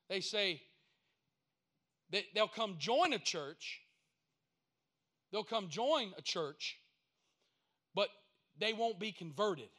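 A man's voice: high voice, a bit bright. A man preaching a sermon in a folksy, storytelling way, building up to emphatic points. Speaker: pastor.

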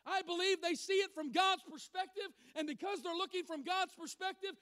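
A man preaching a sermon, emphatic, swinging from loud declarations to quiet asides. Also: very high voice, a little fast, no room sound, studio quality.

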